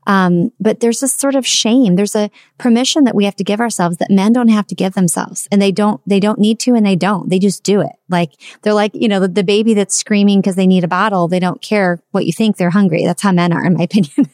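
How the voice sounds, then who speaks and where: A woman's voice: medium pitch, fairly even intonation, fairly quick, few pauses, darkish tone, no echo, clean studio sound. Conversational woman podcast host. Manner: conversational, searching, restarts phrases. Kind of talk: interview questions.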